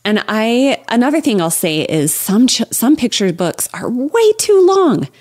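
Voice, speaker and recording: A young adult woman talking as a podcast guest in a casual interview, chatty and animated, often laughing as she talks. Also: a little high, measured pace. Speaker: podcast guest, children's book writer.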